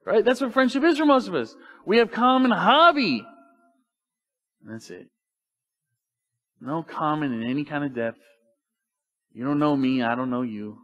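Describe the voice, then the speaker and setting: A man's voice: a little high, big pitch swings, normal speed, long pauses, a bit bright, muffled recording. A man preaching a sermon in church, talking to the congregation casually and asking rhetorical questions. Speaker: pastor. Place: church sanctuary.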